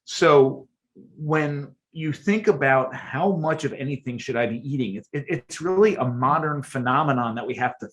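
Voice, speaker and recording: A man, a guest archaeologist and chef, explaining things at length in a podcast interview, emphatic and animated and often repeating words as he goes. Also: mid-range voice, moderate pace.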